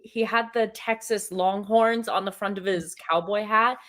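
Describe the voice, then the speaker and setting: A woman's voice: mid-range voice, steady tone, unhurried, fairly bright tone. A woman guest on a live video call, a parent talking candidly and bluntly while she multitasks at home. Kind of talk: casual live-stream chat.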